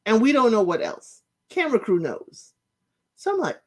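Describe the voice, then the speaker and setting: A woman hosting a casual recap, chatty and opinionated, often saying "you know" and acting out quotes with jumps in pitch. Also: very animated, normal speed. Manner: acts out quotes with shifting pitch. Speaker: recap podcast host. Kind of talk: casual reality-show recap commentary.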